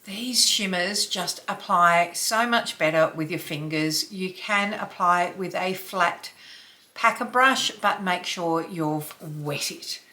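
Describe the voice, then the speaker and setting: A woman in her fifties chatting through a makeup tutorial at home, often dropping to a soft near-whisper as she works. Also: lowish voice, takes it slowly. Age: 50s. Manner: chatty, drops to near-whisper while applying. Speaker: beauty vlogger. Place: home, dog snoring nearby.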